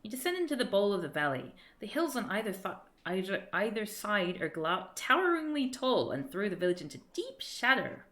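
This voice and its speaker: A woman's voice: mid-range voice, sing-song, brisk, few pauses, a bit bright. A woman streamer reading a gamebook aloud with theatrical flair, often tripping over words and starting sentences again. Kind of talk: dramatic gamebook narration on a live stream.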